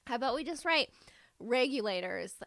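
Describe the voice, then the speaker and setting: A woman's voice: a little high, lively intonation, moderate pace, gravelly, a little hiss or hum. A woman co-hosting a podcast in casual chat, joking darkly and laughing often. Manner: laughs often, dark jokes. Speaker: podcast co-host.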